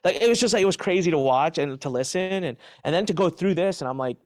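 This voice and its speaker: Middle-aged man, interview guest, animated and emphatic, dry sound. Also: fairly high pitch, fast talker, no echo. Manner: emphatic, animated retelling with restarts. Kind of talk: candid interview answers.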